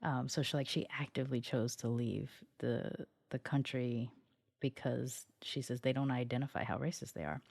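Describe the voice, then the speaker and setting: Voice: medium pitch, fairly even intonation, moderate pace, vocal fry, darkish tone, no room sound. A podcast host with a scratchy, just-woken voice, talking in a chatty, meandering solo monologue that often circles back mid-sentence. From United States.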